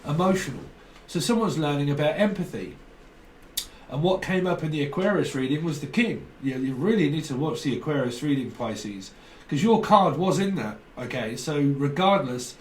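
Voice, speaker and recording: A man in an echoey room, set back from the microphone, talks through a tarot reading in a loose, rambling way. He free-associates from word to word, repeats himself and circles back, at an average male pitch. A faint hum of background noise sits under his voice. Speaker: tarot reader. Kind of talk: casual spoken tarot reading. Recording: roomy echo, distant mic, faint background noise.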